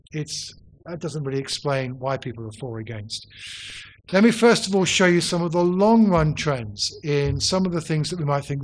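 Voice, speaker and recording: A man, a politics professor, lecturing on poll data in a hall, brisk and dryly witty with emphatic stresses and frequent ums. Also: on the high side.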